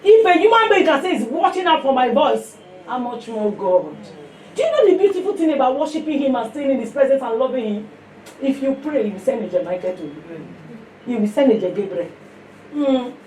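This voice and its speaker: A woman's voice: sits high, very animated, fairly quick, echoey room, far from the mic, a little hiss or hum. Passionate Nigerian woman preaching a sermon. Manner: passionate, emphatic, swings from loud to hushed.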